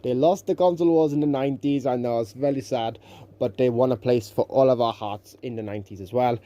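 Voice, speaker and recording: A man's voice: mid-range voice, a little fast, dark tone. A young man giving casual gaming commentary on his channel, rambling, sarcastic and correcting himself as he goes. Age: young adult. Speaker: YouTuber.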